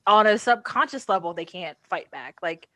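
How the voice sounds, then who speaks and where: A woman guest on a podcast, chatting casually in an animated, opinionated, emphatic way. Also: on the low side, normal speed, no room sound, clean studio sound. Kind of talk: casual chat.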